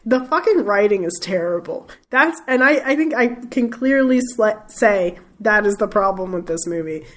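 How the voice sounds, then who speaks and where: A woman's voice: mid-range voice, animated, moderate pace. A woman hosting a movie podcast, blunt and cheerful, often laughing. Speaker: podcast host. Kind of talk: casual movie review chat.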